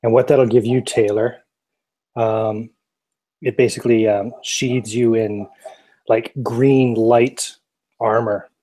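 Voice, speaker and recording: A man playing in a tabletop game, explaining his character's spells with many pauses and fillers. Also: medium pitch, steady tone, mellow. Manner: hesitant, rules-checking, many fillers. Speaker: player. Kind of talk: tabletop game play, casual.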